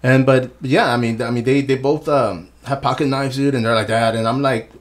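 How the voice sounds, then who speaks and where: A man's voice: medium pitch, steady tone, moderate pace. A man in his forties hosting a podcast, rambling in casual chat with many fillers and calling people man and bro. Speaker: podcast host. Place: podcast studio.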